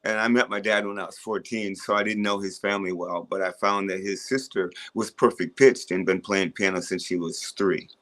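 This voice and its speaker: A man's voice: low voice, fairly even intonation, a little fast, few pauses, a bit bright. An older man, a rock musician, talking casually in an interview and telling rambling stories about his childhood with many restarts. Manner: laid-back, rambling storyteller with frequent restarts.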